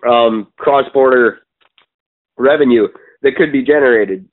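A man's voice: mid-range voice, a little slow. A Canadian man co-hosting a podcast, talking politics in an opinionated, profane, rambling way with many ums. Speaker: podcast co-host. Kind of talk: casual political chat. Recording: tinny phone-like sound.

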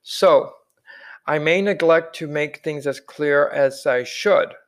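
Man reading as tired old mentor, slow sighing delivery, slightly raised tone, audiobook character. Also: a little high. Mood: patient. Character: weary old male keeper of memories.

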